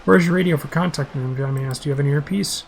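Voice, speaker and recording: A man's voice: fairly high pitch, rapid-fire, creaky, a little hiss or hum, rough recording. A man reading a role-playing game's dialogue aloud in a plain voice, with small slips and restarts. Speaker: game describer.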